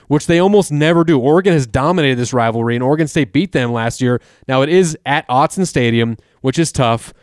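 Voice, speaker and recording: Smooth-voiced man making football picks. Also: a little high, dry recording, studio quality. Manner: chatty, jokey, thinks aloud with fillers. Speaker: podcast host making college football picks. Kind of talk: casual sports betting chat.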